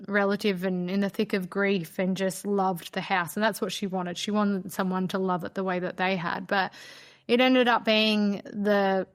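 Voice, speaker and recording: Woman, podcast host, candid personal storytelling, chatty, "like" fillers, heartfelt, mid-range voice. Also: mid-range voice. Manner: candid, conversational, frequent "like" fillers; emotional, heartfelt telling.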